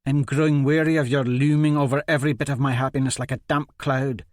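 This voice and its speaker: A man voicing a cruel, scornful woman torturer who taunts and yells threats. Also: medium pitch, level tone, fairly quick, no room sound, clean studio sound, voice pushed up, natural voice. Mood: growling. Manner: taunting, then shrieking threats.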